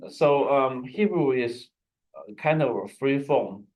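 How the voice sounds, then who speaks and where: A man of average pitch guides students through a language lesson on a video call. He explains slowly and patiently, often stopping to restart a sentence. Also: expressive, darkish tone, low-quality recording. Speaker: Hebrew teacher.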